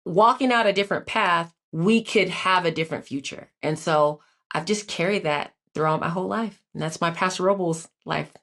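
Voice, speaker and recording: A woman in her forties speaks in a fairly low voice as an interview guest. She recounts her life earnestly and reflectively, often pausing on filler words as she gathers her thoughts. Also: a bit bright. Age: 40s. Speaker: guest, Olympic athlete. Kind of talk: personal storytelling in an interview.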